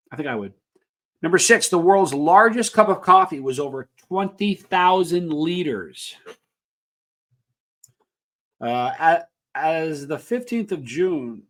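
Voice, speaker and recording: A man's voice: on the high side, expressive, takes it slowly, long pauses, a bit bright. A man hosting a casual countdown show, reading facts with playful asides and questions to viewers. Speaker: channel host.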